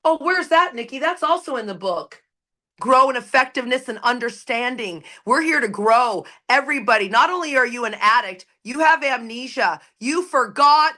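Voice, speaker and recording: Bright, blunt woman sharing in recovery. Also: a little high, lively intonation, moderate pace. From Canada. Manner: emphatic, preachy, blunt and profane. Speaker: recovery meeting speaker. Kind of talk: impassioned share at a recovery meeting. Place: recorded at an online meeting.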